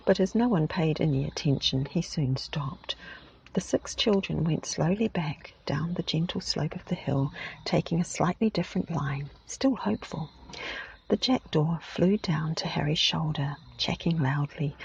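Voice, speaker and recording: A British woman reads a story in a soft-spoken ASMR style, her low voice gravelly and whispery. The sound is muffled and lo-fi from a parked car, with a faint baby snoring behind. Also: a little hiss or hum. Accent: British English. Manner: whispery, gentle.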